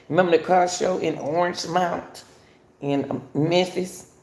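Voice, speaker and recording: A woman's voice: on the low side, moderate pace, creaky, a little mellow, reverberant. An older woman, hosting a casual talk for viewers and repeatedly addressing them as y'all. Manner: repetitive, chatty, addresses listeners as y'all. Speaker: host.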